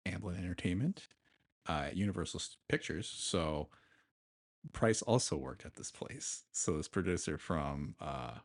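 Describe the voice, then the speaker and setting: A man co-hosting a podcast in casual chat, telling the story at length with lots of fillers. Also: deep voice. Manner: rambling, storytelling with filler words. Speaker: podcast co-host.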